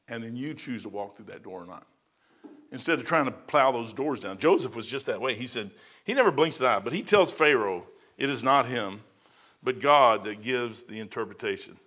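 A man's voice: mid-range voice, animated, normal speed, fairly bright tone. A middle-aged man, a pastor, giving a verse-by-verse sermon in a folksy, conversational way with personal stories.

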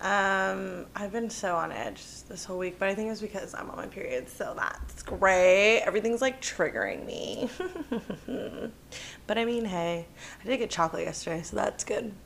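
A woman's voice: medium pitch, animated, moderate pace, vocal fry, fairly bright tone, a little hiss or hum. A woman co-hosting a podcast in casual chat, playful and giggly, acting out sounds as she talks. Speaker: podcast co-host.

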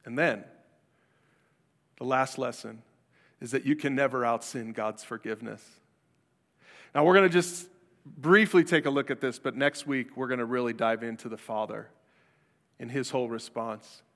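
A man's voice: mid-range voice, normal speed, pauses often, a bit bright. A man preaching a sermon as pastor, in a conversational style that acts out the people he quotes. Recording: long hall reverb.

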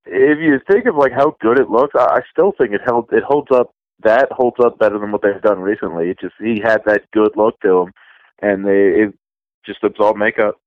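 Low-voiced man chatting on a dull podcast mic. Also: moderate pace, dry recording. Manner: relaxed, meandering, many restarts. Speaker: podcast co-host. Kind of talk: casual chat.

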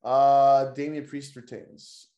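A man's voice: medium pitch, little pitch movement, slow, mellow, roomy sound, muffled recording. A man hosting a wrestling podcast, talking loosely with jokes and plenty of swearing. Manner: loose, joking, profane banter. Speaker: podcast host. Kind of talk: casual wrestling podcast chat.

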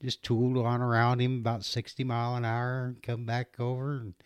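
A man's voice: medium pitch, monotone, a little fast, clear, resonant tone, dry recording, dull audio. A middle-aged man casually telling a rambling story about his trucking job, laughing often and restarting his sentences.

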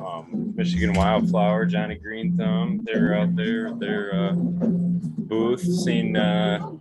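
A man with a somewhat low voice chats casually as a guest, rambling through his story with lots of fillers. His pace is slow, and clear music plays behind him. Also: level tone, low-quality recording. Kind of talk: casual chat.

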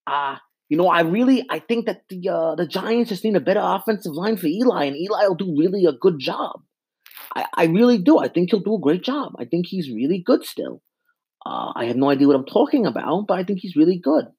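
A man putting on the voice of a rambling older sports radio caller, halting and full of fillers. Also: sits high, big pitch swings, darkish tone, slightly rough, voice pushed up, heavily acted. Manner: halting, full of uh and you know.

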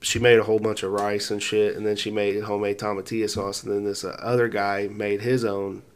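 A man's voice: on the low side, flat delivery, fairly quick, smooth. A man co-hosting a casual podcast, telling crude stories and laughing often. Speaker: podcast co-host. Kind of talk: casual chat.

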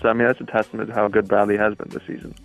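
A man's voice: on the low side, little pitch movement, rapid-fire, muffled recording, faint music behind. A man appearing as a guest sports writer on a podcast, giving confident, emphatic opinions. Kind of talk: casual sports chat.

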